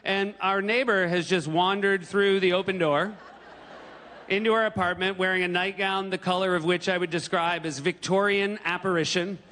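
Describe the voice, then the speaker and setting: A man in his forties from New Hampshire doing animated stand-up comedy on a theater stage. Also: high-pitched, moderate pace, a little hiss or hum. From New Hampshire, USA. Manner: animated, breaks into yelled impressions. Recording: stage mic in a reverberant hall.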